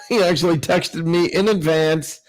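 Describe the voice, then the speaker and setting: A man hosts a casual sports podcast, his voice sitting a little high. He tells loose, rambling stories and laughs easily. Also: unhurried, soft background music, low-quality recording. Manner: laughs often, rambling storyteller. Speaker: podcast host.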